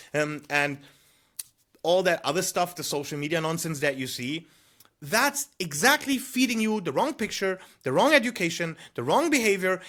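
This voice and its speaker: A man's voice: a little high, a bit bright. A man who trades, giving emphatic market advice to camera, coaching with rhetorical questions and a nudging 'hmm?'. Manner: frequent 'you know' fillers. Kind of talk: direct-to-camera advice monologue.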